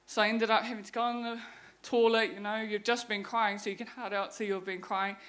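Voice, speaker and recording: A woman's voice: mid-range voice, level tone, fairly quick, fairly bright tone. A young woman with a New Zealand accent giving a candid personal testimony talk, frank and swearing freely as she retells her story. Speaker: guest speaker sharing her story.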